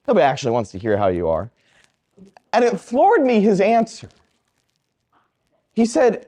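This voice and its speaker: Priest, male, delivering a homily; storyteller who swoops through his pitch and does the voices of the people in his anecdotes. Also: normal speed, pauses often. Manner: animated storytelling, acting out quoted people. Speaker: Catholic priest.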